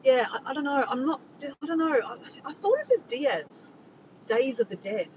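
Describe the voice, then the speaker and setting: An Australian woman with a very animated, slightly mellow voice talks at a normal speed while hosting a casual livestream. She rambles, reads viewers' comments aloud and welcomes them by name, on a dull, far-off mic with the rumble of vehicles.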